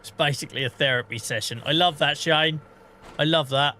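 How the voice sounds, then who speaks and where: A man in his forties, with a bright, forward voice on the high side, talks a little fast to his livestream chat while he plays. He's jokey and self-mocking, swearing lightly, and there's a little hiss or hum in the recording.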